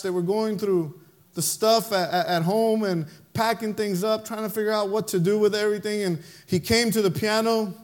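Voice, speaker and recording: Male pastor, sermon. Very high voice, impassioned, emphatic. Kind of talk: sermon with storytelling.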